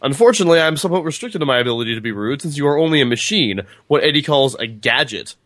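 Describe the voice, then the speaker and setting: A man's voice: on the high side, expressive, very fast, fairly bright tone, no room sound, voice pushed up. A man reading as a scornful gunslinger. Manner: reading a book passage aloud with heated emphasis. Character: stern scornful male gunslinger, cutting and proud.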